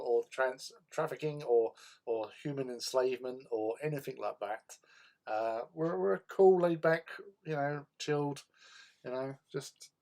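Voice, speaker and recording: A man hosting a casual hobby livestream, chatting in a relaxed way and answering viewers' chat while he paints. He often repeats words as he thinks. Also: medium pitch. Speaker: livestream host.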